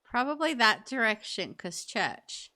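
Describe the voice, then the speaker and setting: Chatty woman streamer, bright voice. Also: a little high, very animated, a little slow. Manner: chatty, thinks aloud, many fillers. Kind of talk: casual live-stream chat while gaming.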